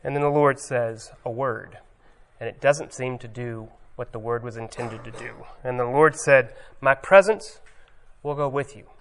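A pastor preaching a sermon, reading scripture emphatically, then commenting in a looser way with hesitations. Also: male voice, mid-range voice, a little slow.

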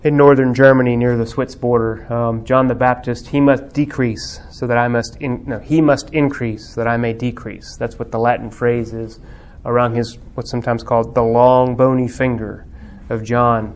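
A man teaching a Bible class on theology and religious art. He speaks reflectively with many pauses and fillers, then builds to fervent emphasis. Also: medium pitch, little pitch movement.

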